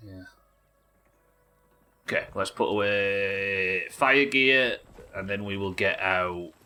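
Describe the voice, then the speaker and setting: A man from New Zealand, his accent plain, plays a game live while talking his plans through out loud. His voice sits low but comes across bright and forceful. He chats loosely with his viewers and swears offhand. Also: slow, smooth, faint music behind. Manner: chatty, thinks aloud, swears casually, answers chat. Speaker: streamer. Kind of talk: live gameplay commentary.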